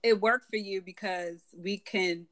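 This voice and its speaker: A woman co-hosting a casual podcast, relaxed and conversational, using plenty of fillers. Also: mid-range voice, a little slow. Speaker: podcast co-host.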